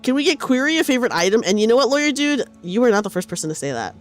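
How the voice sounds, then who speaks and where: Animated, chatty woman streamer. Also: on the high side, racing, faint music behind. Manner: animated, chatty, reads chat aloud. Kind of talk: casual game stream commentary.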